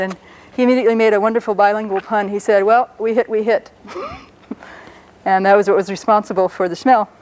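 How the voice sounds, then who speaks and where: A woman's voice: medium pitch, a little mellow, poor audio. Woman patiently explaining pronunciation. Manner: patient, explanatory, slows down to pronounce words carefully. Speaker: language lecturer. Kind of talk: educational lecture on a public-access show.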